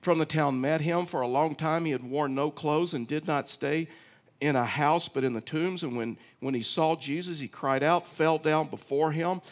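A man's voice: on the high side, moderate pace. A middle-aged man preaching a sermon in a conversational way, often repeating words and asking his listeners questions. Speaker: pastor.

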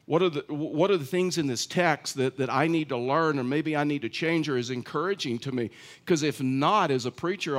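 A middle-aged male pastor giving a conversational sermon, telling stories with frequent restarts. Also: a little high. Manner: chatty storytelling, many restarts.

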